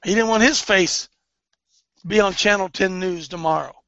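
A man preaching fervently, swinging between hushed and loud, sounding tearful. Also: sits high, normal speed, no echo. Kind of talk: impassioned preaching. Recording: dull lo-fi recording.

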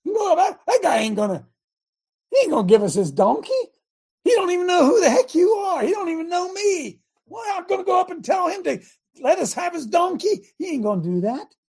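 A flustered disciple yelps in a sky-high voice, blunt and folksy, as he protests the errand, put on by a man preaching. Under the raised pitch the voice keeps a rough, gravelly edge. It sounds loud and unbelieving. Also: very animated, brisk, exaggerated voice. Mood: incredulous. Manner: incredulous, blustering country talk. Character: baffled, indignant male disciple, young.

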